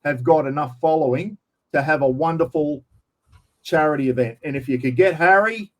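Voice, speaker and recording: A man's voice: fairly high pitch, normal speed. An Australian man talking in a casual interview, blunt and matey, calling everyone mate. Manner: blunt, matey, slangy, keeps saying mate. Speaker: interview guest, camping YouTuber. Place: at home, outdoors property.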